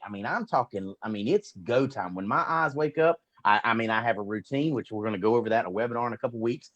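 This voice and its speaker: Male host, upbeat, promotional, rapid delivery, muffled lo-fi sound. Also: medium pitch. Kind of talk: motivational talk.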